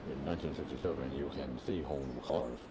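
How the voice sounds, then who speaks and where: A deep-voiced deadpan castaway. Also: male voice, fast, crowd noise. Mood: deadpan rambling. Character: stranded odd desert castaway man, rambling. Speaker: game character.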